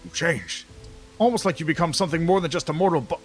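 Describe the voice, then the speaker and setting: A tired old-soldier dwarf, solemn and dutiful, with a fairly high voice that rises and falls a lot, as a man reads his lines for a game. His speech sways with feeling. Faint game music plays behind him. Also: sing-song, fast talker, fairly bright tone. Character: weary battle-worn male dwarf banner guard. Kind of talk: reading game dialogue aloud in character.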